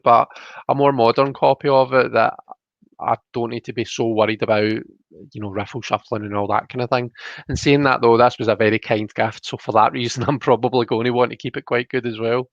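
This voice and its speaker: A man hosts a casual live stream at home, talking through tarot cards and greeting his chat. His voice is gravelly and level, and his words run together quickly. The sound is dry and dull, like a basic computer mic. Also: medium pitch, no room sound. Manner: talks fast and mumbles when absorbed.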